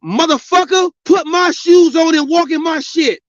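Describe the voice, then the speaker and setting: A man with a strikingly high voice rants at length, swearing freely and lecturing his listeners. The sound is dry and dull, like a lo-fi home recording with no room around it. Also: moderate pace, fairly bright tone, no room sound. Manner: angry, profane, preachy. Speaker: podcast host. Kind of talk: ranting monologue.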